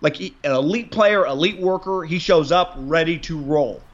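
On a casual sports podcast, a man with a fairly high voice speaks at normal speed, and the recording has its highs cut off. He rambles, restarts his sentences, and swears frequently.

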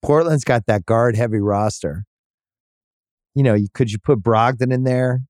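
A man's voice: mid-range voice, normal speed, darkish tone, no room sound, clean studio sound. A man hosting a sports podcast, thinking aloud in casual chat with restarts and the odd swear. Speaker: podcast host.

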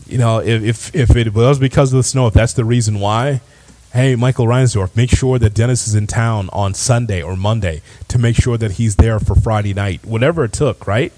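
A man's voice: lowish voice, moderate pace, mellow. A man hosting a sports podcast, ranting in an exasperated, emphatic way. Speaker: podcast host. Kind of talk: opinionated sports commentary.

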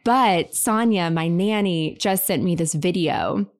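Animated woman telling family stories. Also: on the low side, measured pace. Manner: animated storyteller, acts out quotes, many fillers. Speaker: podcast guest or co-host. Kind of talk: casual podcast chat.

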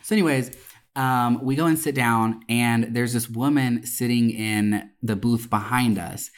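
A woman casually telling a wild story, profane and animated, with frequent laughter and swearing. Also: a bass voice.

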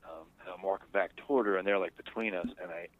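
A man's voice: low-pitched, quick pace, slight background noise. A man telling a personal story to an interviewer in a rambling, conversational way, heard over a phone line. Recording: dry, tinny phone line.

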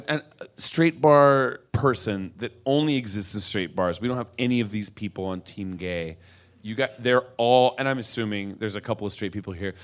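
A man ranting as a comedian, piling up restarts and asides as he goes. His voice sits at an ordinary middle pitch. He keeps the riff loose and unscripted. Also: fairly bright tone. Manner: rambling, self-interrupting riff with frequent restarts. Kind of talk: stand-up rant.

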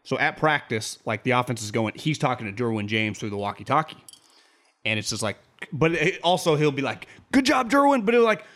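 A man's voice: on the high side, fairly bright tone. A man co-hosting a sports podcast, rambling in casual chat and jumping his voice up to quote people. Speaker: podcast co-host.

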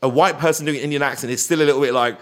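A man talks freely as an interview guest. His voice sits at an average pitch. He is animated and keeps breaking into quick impressions and put-on voices. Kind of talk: casual interview chat.

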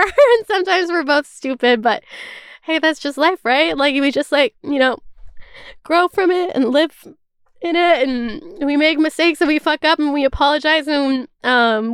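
A young woman in her twenties talks in a high, smooth voice, stringing thoughts together with endless "like"s and casual swearing. Her chat is candid and open, a podcast host thinking aloud. The sound is close and dry. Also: fairly bright tone, dry recording. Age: 20s. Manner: rambling, fills with "like", swears freely; candid and emotional.

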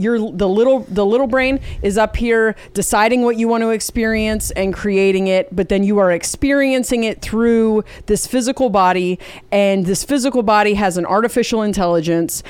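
A woman guest on a podcast speaking in a smooth, clear voice. She works through her ideas in a reflective, earnest way, searching for words. The sound is dry and close. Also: mid-range voice, darkish tone, dry recording. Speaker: guest, comedian. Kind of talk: casual chat.

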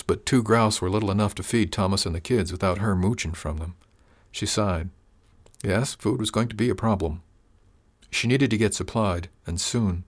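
A man reading a story aloud as narrator, calm and measured. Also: on the low side. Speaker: audiobook narrator.

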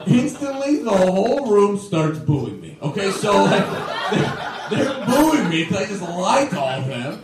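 This is a live, roomy, distant capture from a comedy club, where a young stand-up from Toronto, Canada, speaks in a high, sing-song, unhurried way. His loose, rambling bits keep landing on "right?" and "okay?", and a laughing audience can be heard behind him.

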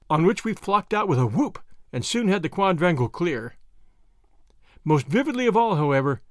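A man reading a memoir aloud in a measured, expressive narration. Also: high voice, dry recording, studio quality. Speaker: audiobook reader.

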